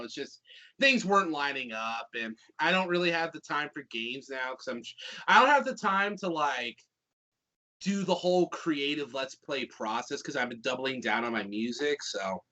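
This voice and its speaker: Brief: bright, high-pitched young man, loose joking podcast co-host. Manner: joking, rambling, profane, drops into put-on voices. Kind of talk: casual review chat.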